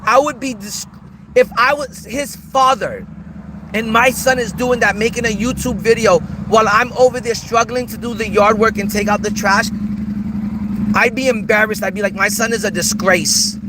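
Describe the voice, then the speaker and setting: Taunting high-voiced man ranting. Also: steady tone, moderate pace, background noise. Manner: taunting, repetitive, mocking. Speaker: streamer host. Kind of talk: livestream rant.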